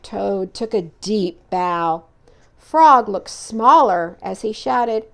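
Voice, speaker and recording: A woman storyteller reads a children's picture book aloud, expressive and animated. Her voice is medium-pitched and creaky, and she reads slowly.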